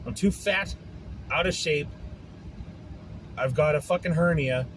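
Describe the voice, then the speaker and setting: A man's voice: on the high side, a little slow, slight background noise, poor audio. A man hosting his own podcast, venting in a frustrated, profane casual rant. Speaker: podcast host. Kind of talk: casual ranting monologue.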